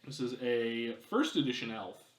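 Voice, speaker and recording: A man co-hosting a casual unboxing chat, laid-back with quick reactions and jokes. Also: medium pitch, expressive. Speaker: co-host reviewing miniatures. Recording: echoey room with faint noise.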